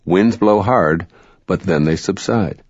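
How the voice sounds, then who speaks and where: A man reading spiritual self-help narration in a calm, measured, instructive way. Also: sits low, husky, no room sound. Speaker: audiobook narrator. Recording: dry, dull lo-fi recording.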